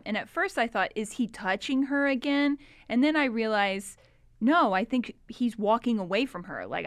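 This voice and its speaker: A woman's voice: fairly high pitch, animated, normal speed, no echo, clean studio sound. A woman co-hosting a podcast, talking conversationally about a recorded call. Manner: conversational, many fillers and restarts. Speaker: podcast co-host. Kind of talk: casual true crime discussion.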